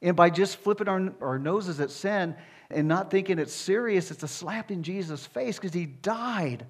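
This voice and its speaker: High-voiced man preaching emphatically. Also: expressive, normal speed, slightly rough. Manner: emphatic, repetitive, rising to forceful declarations. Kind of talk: sermon.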